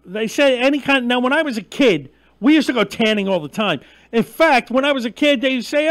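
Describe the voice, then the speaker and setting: A man rants through a live-stream monologue, profane and mocking, swinging between loud heated outbursts and easy asides to viewers. His voice sits very high for a man. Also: expressive, fairly quick. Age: 40s. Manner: ranting, profane, mocking and emphatic; gets loud and heated, then drops back to chatting with viewers. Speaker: host of a live online show.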